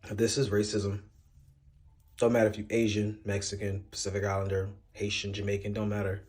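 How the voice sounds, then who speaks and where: Blunt man with a lowish voice. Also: monotone, fairly quick, a little mellow. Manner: conversational, blunt, uses fillers. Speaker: commentator. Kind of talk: casual commentary.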